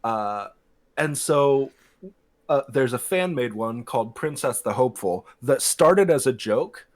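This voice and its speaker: A man's voice: mid-range voice, animated, a little slow. A man chatting casually with a friend on stream, with many fillers, laughing and swearing. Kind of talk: casual chat.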